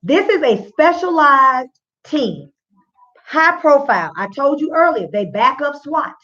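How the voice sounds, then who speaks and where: Woman host, fairly high voice, chatty direct-address commentary, slightly muffled recording. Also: sing-song, unhurried, pushed and bright. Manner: conversational, addresses listeners directly as y'all. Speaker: radio show host. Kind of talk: casual spoken commentary. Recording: slightly dull lo-fi sound.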